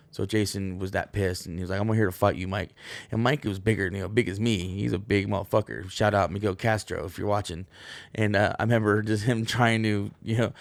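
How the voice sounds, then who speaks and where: Gravelly man rambling through profane stories. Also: fairly low pitch, dry recording. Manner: rambling, profane, lots of fillers. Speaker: podcast host. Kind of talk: casual storytelling monologue.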